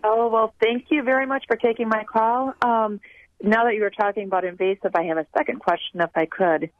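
A woman's voice: a little high, fairly even intonation, brisk, no echo. A woman from Wisconsin calling a radio show, polite and detailed, rambling a little. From Wisconsin, USA. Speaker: caller. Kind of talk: phone-in question. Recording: muffled phone-in audio on radio.

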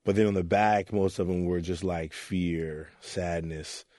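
Speaking at a measured pace with fairly even intonation, a man with a low, slightly mellow voice is heard in a studio-quality, echo-free recording. He's an Oakland, California youth mentor sharing earnest personal stories in a candid interview, voicing those he quotes.

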